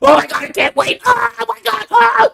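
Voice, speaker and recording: A man putting on the voice of a gushing, over-excited male game influencer. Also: very high-pitched, a little fast, vocal fry, voice pushed up, full character voice. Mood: gushing, hyped.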